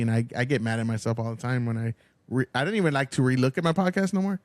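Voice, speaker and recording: A man's voice: mid-range voice, fast, no room sound. A man hosting a podcast, chatting loosely, swearing freely and encouraging his guest. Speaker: podcast host. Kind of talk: casual podcast chat.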